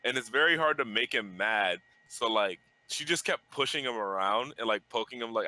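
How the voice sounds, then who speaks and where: Young male podcast host, very bright, sharp tone, casual rambling storyteller who curses a lot. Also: medium pitch, lively intonation, moderate pace, poor audio. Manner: loose, swearing, laughs through his own story.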